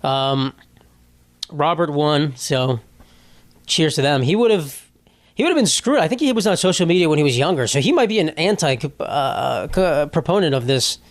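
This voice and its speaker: A man's voice: on the high side, animated, normal speed. A young man hosting a casual solo podcast, rambling and joking with plenty of swearing. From United States. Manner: rambling, profane, jokey. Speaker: podcast host.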